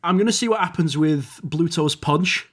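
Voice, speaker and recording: A man's voice: a little high, normal speed. A man narrating as game master, rambling and descriptive with fillers.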